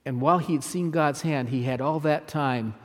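A man's voice: fairly high pitch, normal speed. A male pastor preaching a sermon, emphatic, repeating phrases and putting questions to his listeners. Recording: long hall reverb.

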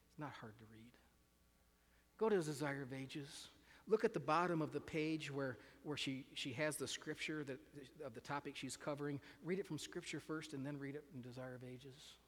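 A man's voice: medium pitch, a bit bright. A man preaching a sermon in an earnest way, often repeating words and asking his listeners questions. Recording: reverberant hall.

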